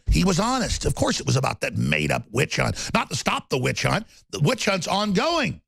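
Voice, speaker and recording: A man hosting a political talk show, ranting rapidly and heatedly with stammering restarts. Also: on the high side, very animated, creaky, fairly bright tone, slightly rough, no echo.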